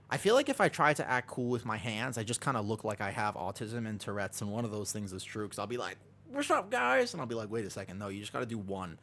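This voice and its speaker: A man's voice: mid-range voice, a bit bright. Rambling casual male streamer. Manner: rambling, self-deprecating, reads chat aloud. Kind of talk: casual chat with live chat. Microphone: desk microphone.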